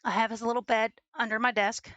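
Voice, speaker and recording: A young woman chatting casually at home while studying, cooing baby talk to her dog in a creaky voice. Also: a little high, little pitch movement, fairly quick, fairly bright tone, no echo, dull audio. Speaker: streamer. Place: home room with a desk and green screen.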